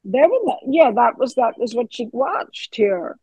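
A woman's voice: a little high, lively intonation, unhurried, darkish tone, husky, no echo, low-quality recording. A woman in her fifties, an actress being interviewed, who talks earnestly and animatedly, with fillers and trailing thoughts. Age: 50s. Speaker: actress guest. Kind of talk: casual interview chat.

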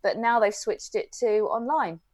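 A woman's voice: a little high, normal speed, a little mellow, no room sound. A woman, a dog trainer and author speaking as a podcast guest. She is friendly, laughs easily and explains her points at length. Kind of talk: casual chat interview.

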